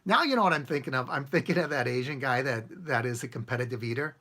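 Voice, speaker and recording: Rambling, gravelly man chatting with his viewers. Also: medium pitch, lively intonation, fast talker, pushed and bright. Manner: rambling, chuckling, reads viewer comments aloud. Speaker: channel host answering live chat. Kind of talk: casual live-stream chat.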